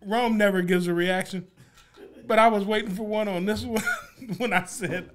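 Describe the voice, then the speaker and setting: A man's voice: high-pitched, fairly even intonation, moderate pace. A man co-hosting a podcast in casual chat, teasing his friends, laughing easily and swearing casually. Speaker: podcast co-host.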